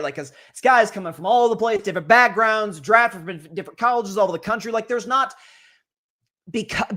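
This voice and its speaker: This college football reaction show is hosted by a man whose voice is high and fairly bright. His talk rambles in a conversational way, full of restarts and side comments.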